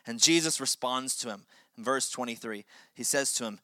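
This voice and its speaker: A man's voice: medium pitch, moderate pace, sharp tone, dry recording, clean studio sound. A man preaching a sermon as pastor, with impassioned delivery that swells and drops for emphasis.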